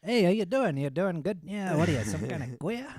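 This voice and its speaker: Guy doing a swaggery italian-american goon, high pitched put-on accent. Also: very animated, fairly quick, darkish tone, husky, no room sound, clean studio sound, heavily acted. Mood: swaggering. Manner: brash, swaggering. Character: brash male Italian-American gangster underling.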